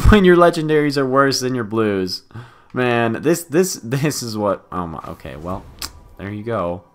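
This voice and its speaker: A young man giving live commentary over his own video game match, muttering one moment and shouting the next. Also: medium pitch, measured pace. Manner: excitable, swings from mutters to loud outbursts. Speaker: gaming YouTuber.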